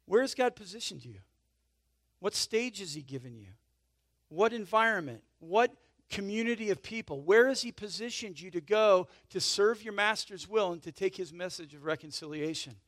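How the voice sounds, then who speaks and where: A man's voice: sits high, expressive, moderate pace, no room sound. Male pastor, tenor-leaning, conversational sermon delivery with frequent audience check-ins; dry, close recording. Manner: emphatic swells in volume, then drops to soft intimate asides.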